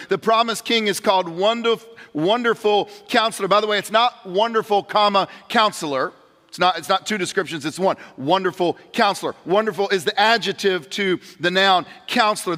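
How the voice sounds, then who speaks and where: A man's voice: sits high, bright, forceful tone. A man pastor preaching a sermon in a large church, earnest and direct, often restarting words as he addresses the congregation. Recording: long hall reverb.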